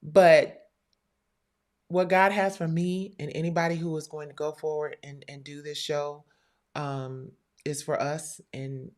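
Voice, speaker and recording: Hosting a live stream show, a woman tells a story in a candid, blunt and profane way as casual livestream talk. Her deep voice is level, unhurried and a little mellow.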